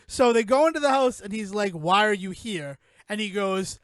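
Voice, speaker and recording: A man hosting a casual comedic film recap, animatedly retelling scenes and acting out characters in lowered voices. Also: moderate pace, few pauses, no echo. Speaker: podcast host recapping a film.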